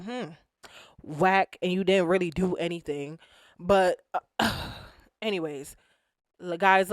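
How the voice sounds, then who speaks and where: A woman hosting a casual reality TV recap, talking in an animated, slangy way and acting out what people said. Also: on the low side, no echo, studio quality. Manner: animated, slangy, acts out quotes.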